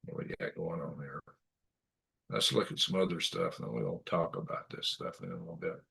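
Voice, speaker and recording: A man's voice: rumbling low, very animated, a little fast, creaky, pushed and bright, a little hiss or hum. A man hosting a commentary show, reacting to clips with blunt, indignant rants and repeated insults. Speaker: news commentary host.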